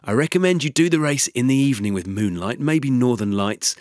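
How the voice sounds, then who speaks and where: A man's voice: mid-range voice, animated, brisk, no room sound, studio quality. A man hosting a podcast in casual chat, bantering with his co-host and reading out listener messages.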